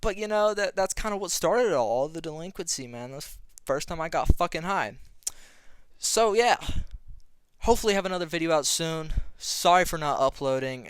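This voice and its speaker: A man's voice: fairly high pitch, smooth, dry recording. A young man vlogging, casually telling a rambling story with lots of swearing and a laid-back delivery.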